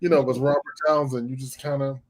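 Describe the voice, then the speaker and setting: A man chatting casually on a live talk show, telling animated stories and swearing freely. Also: medium pitch, quick pace, low-quality recording. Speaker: panelist. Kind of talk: casual chat.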